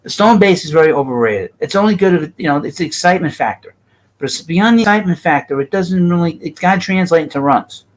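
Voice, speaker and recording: A man's voice: fairly high pitch, animated, fast talker, low-quality recording. A middle-aged man with a thick New York accent, hosting a baseball livestream and talking bluntly and ramblingly to his chat.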